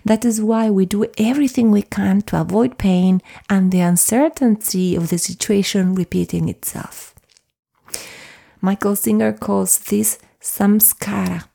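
A middle-aged woman hosting a self-help podcast, talking gently and soothingly to listeners and sometimes dropping into a whisper. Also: medium pitch, a little slow, creaky. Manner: soft and soothing, drops into whispers at times. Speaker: podcast host and coach.

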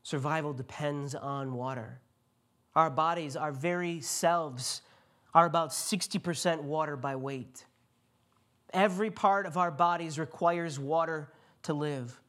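A male pastor giving a sermon, retelling a scripture story and speaking the quotes in a quieter voice. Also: fairly high pitch, measured pace. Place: church.

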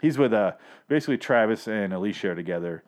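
A man's voice: fairly low pitch, lively intonation, fast talker. A man hosting a podcast, recapping a TV episode in a rambling, sarcastic, profane monologue full of self-corrections. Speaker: podcast host reviewing a TV episode. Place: Los Angeles.

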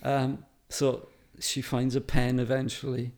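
A man's voice: medium pitch, monotone, unhurried, a little mellow. Chatty Welsh man telling stories. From Wales. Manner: chatty, anecdotal, laughs often, many fillers. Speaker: photographer guest. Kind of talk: casual interview chat.

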